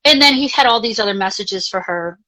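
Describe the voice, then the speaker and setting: A woman life coach, a guest in a live interview, telling a personal story in a chatty, animated way, full of "like" and casual swearing. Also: medium pitch, fairly quick, low-quality recording. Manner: chatty, animated, frequent filler "like", casually profane.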